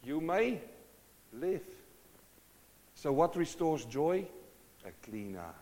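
Male preacher, high-ish voice, dramatic swings from hushed to loud, big reverb of a church hall. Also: sing-song, takes it slowly. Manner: swings from hushed to loud, many rhetorical questions. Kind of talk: sermon.

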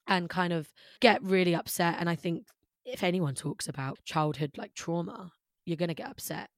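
Recorded at studio quality without room sound, a lowish-voiced young British woman, there as a musician guest, opens up about her life. She rambles candidly, filling her talk with "like."

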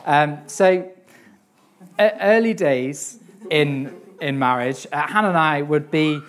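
His voice on the high side and a bit bright, a young preacher earnestly reads from a psalm before discussing it. That discussion comes with frequent pauses, fillers and words said twice.

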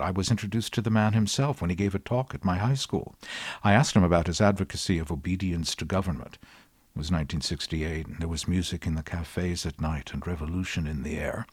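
A man in his sixties, from the United States, hosting his podcast with dry, wry, measured commentary. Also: sits low, a little mellow, breathy edge, dry recording. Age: 60s. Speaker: podcast host. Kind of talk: scripted commentary.

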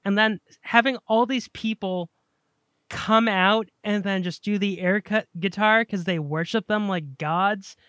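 Bright, high-voiced man rambling about movies. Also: measured pace, clean tone, dry recording, clean studio sound. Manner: eager, rambling, repeats words when excited. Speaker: podcast co-host. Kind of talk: casual chat about movies.

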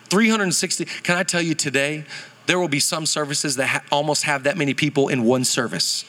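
A pastor in his thirties preaching a sermon at a church service, animated and joking, calling on the congregation to answer back. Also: fairly high pitch, fairly quick. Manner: animated and humorous, calls on the congregation for responses.

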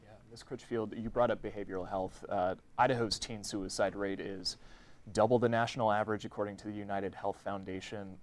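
Journalist panelist, lowish male voice, factual and plain. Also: fairly even intonation, brisk. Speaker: journalist asking questions. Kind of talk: debate question.

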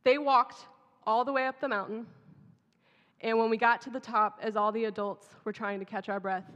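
A woman's voice: a little high, fairly even intonation, moderate pace, fairly bright tone. A woman pastor from Texas, giving a conversational, humorous sermon in a church. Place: church sanctuary. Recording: dull sound, long hall reverb.

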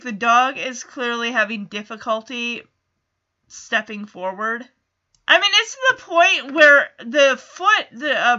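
A woman's voice: high voice, bright, forceful tone, lo-fi sound. A woman casually recapping a TV episode in a chatty way, full of "kinda" and "like".

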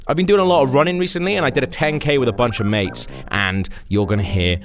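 A man's voice: medium pitch, quick pace, over music. Welsh male podcast host, young, playful and self-deprecating narration. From Wales. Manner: jokey, self-mocking.

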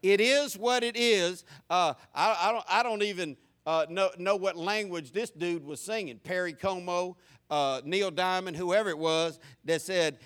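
Male preacher, high bright voice, folksy joking delivery, lots of restarts. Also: unhurried. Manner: folksy and humorous, with many stammered restarts. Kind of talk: sermon.

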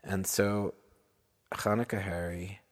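A man improvising a bedtime story for his children, unhurried and asking them questions along the way. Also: low voice, fairly even intonation.

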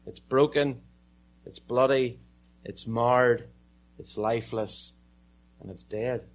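A man with an Irish accent preaching a sermon, telling a story with dramatic pauses and some joking asides. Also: mid-range voice, steady tone. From Ireland.

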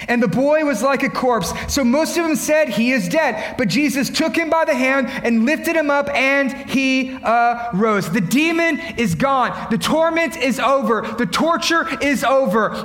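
A man preaching a sermon to his congregation, impassioned and dramatic, acting out quotes and building to shouts. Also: very high-pitched, reverberant, in a large hall. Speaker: pastor.

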